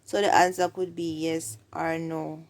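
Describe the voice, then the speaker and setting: A woman's voice: low-pitched, little pitch movement, unhurried. A woman with a Jamaican accent teaching everyday phrases, saying each example twice. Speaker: language teacher.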